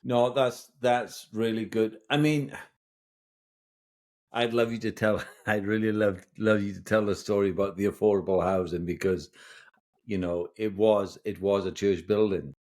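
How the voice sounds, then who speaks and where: Low-voiced encouraging male host. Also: steady tone, moderate pace, a little mellow. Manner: enthusiastic, encouraging. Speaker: interview host. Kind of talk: casual interview.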